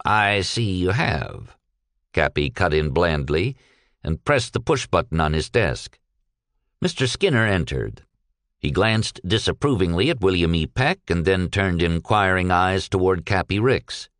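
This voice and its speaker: A man narrating a story aloud, measured and expressive. His voice sits low, with a wide, lively intonation. The recording is dry and close. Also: no echo. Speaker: audiobook narrator.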